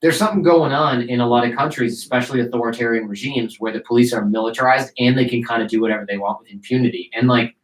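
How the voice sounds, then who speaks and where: A man's voice: medium pitch, fast talker, few pauses. A man from Detroit and a podcast host, telling a story casually and acting out the voices of the people he quotes. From United States (Detroit). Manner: animated, acts out quoted voices, many "like" fillers. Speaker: podcast host, guest on a show. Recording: roomy echo.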